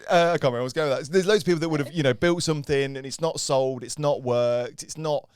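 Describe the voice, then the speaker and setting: Man, podcast host, jokey and teasing, smooth clear voice, dry studio sound. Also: on the high side, no echo. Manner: jokey, teasing, quick to laugh. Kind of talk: casual chat.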